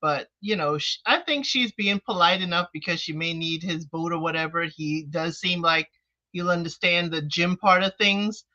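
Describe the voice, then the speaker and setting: A woman's voice: on the low side, moderate pace, bright, forceful tone. Wry woman giving advice, lo-fi sound. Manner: wry, advising. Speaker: panelist. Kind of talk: casual panel chat. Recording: dull lo-fi audio.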